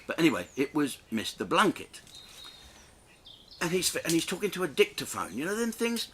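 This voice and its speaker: A middle-aged man telling a crude, self-mocking anecdote in an animated way, laughing between lines. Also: fairly high pitch, normal speed, pauses often, a little hiss or hum. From England. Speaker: comedian telling a story. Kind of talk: storytelling anecdote.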